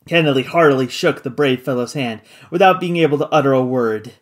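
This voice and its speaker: A narrator reading a classic adventure novel aloud in an expressive, dramatic way. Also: medium pitch, fairly quick. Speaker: audiobook narrator.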